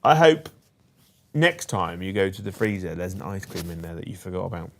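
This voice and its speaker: A man's voice: low-pitched, sing-song, brisk, vocal fry, fairly bright tone, a little hiss or hum. A man, co-hosting a livestream in a playful, joking way and thanking viewers. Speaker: co-host of a livestream show. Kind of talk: casual livestream chat.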